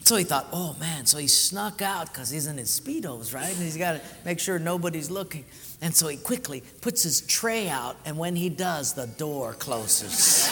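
A man's voice: a little high, moderate pace, background noise. A man preaching a sermon, telling stories and acting out the voices of the people in them. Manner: animated storytelling, acts out quoted voices. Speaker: pastor. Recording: live hall reverb.

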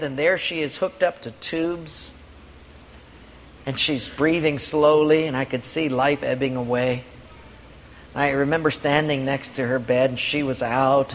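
A man preaching in a big space with a long, ringing reverb trailing each phrase. His voice sits a touch higher than most men's, and he tells a personal story earnestly, repeating his key lines. There's a faint hum of room noise underneath. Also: fairly bright tone. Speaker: pastor.

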